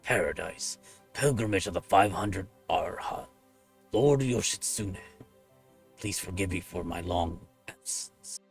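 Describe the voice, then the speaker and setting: A man voicing a loyal, solemn warrior monk with a gravelly voice, reading game dialogue in formal, deliberate speech. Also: low voice, soft background music. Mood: devoted.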